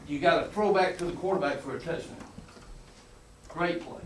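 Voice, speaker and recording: An older football coach with a drawl tells stories to a clinic audience in a colorful, emphatic way, laughing as he goes. His voice sits a touch high for a man. It comes from some distance in an echoing room with a faint hum of background noise. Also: normal speed. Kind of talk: folksy storytelling lecture.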